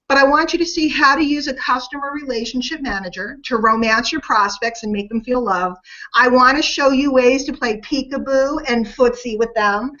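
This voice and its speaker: A middle-aged woman with a high voice hosts a casual sales webinar. She chats and rambles, making fun of herself as she goes. The sound is slightly dull and lo-fi, as if it comes through a webcam. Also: pushed and bright. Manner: chatty, rambling and self-deprecating. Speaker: webinar host.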